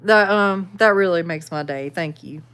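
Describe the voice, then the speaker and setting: A Southern woman with a fairly low, fairly bright, smooth voice reads live chat as she hosts her livestream, talking at a normal pace. She's easygoing and self-deprecating, laughing often and sprinkling in plenty of y'all, as if she's among friends.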